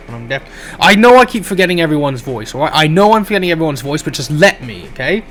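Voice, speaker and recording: A man reading a comedy game aloud, animated and giggly, cursing casually between lines. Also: fairly high pitch, fast, soft background music. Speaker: game streamer voicing all characters. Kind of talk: reading a visual novel aloud with laughs and asides.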